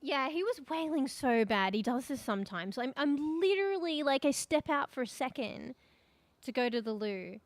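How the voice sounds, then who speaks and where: A woman's voice: high voice, lively intonation, normal speed, no room sound. A young adult woman streaming a game, chatting casually in a rambling, sweary way with lots of fillers. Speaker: VTuber streamer. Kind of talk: casual gaming stream chat.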